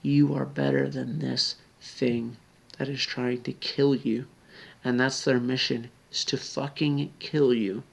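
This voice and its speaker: Drunk man, near tears, gravelly slurred pleading that sinks to whispers. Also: mid-range voice, steady tone, takes it slowly. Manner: earnest, pleading, drops to whispers. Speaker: video blogger. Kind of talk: emotional direct-to-camera appeal.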